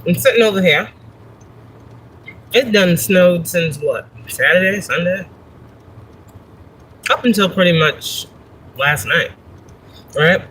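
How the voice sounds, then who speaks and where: Bright, laughing, foul-mouthed woman vlogger. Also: on the low side, slow pace, long pauses, a little hiss or hum, poor audio. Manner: profane, laughing, chatty storytelling. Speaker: spiritual reader and livestream host. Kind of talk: casual livestream chat.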